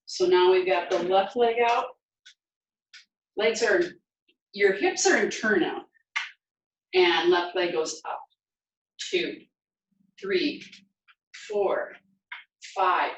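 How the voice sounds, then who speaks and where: A woman fitness instructor leading a guided home workout, counting reps aloud and giving steady encouraging cues. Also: mid-range voice. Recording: very echoey room, mic far away.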